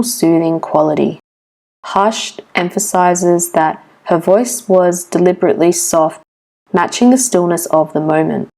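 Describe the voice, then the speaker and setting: Woman, slightly low pitch, scripted English lesson host, steady explanatory read. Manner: clear, measured explanatory reading. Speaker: English teacher.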